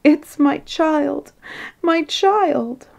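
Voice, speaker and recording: A woman voicing a fretful, tearful queen who argues sharply, pitched high and sobbing, in a storybook reading. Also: a little slow, a little mellow, natural voice.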